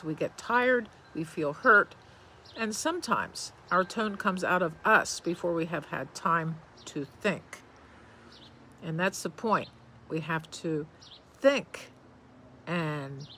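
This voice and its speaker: A man giving a reflective self-help talk in a calm, gentle, measured way, pausing to think between phrases. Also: on the high side, slight background noise, low-quality recording.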